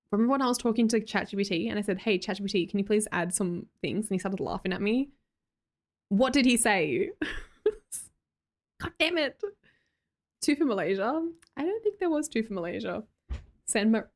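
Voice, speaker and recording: Chatty Australian streamer woman, young, animated and bouncy delivery. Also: medium pitch. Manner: chatty, reads chat aloud, laughs often. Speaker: livestream host. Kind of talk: casual livestream chat.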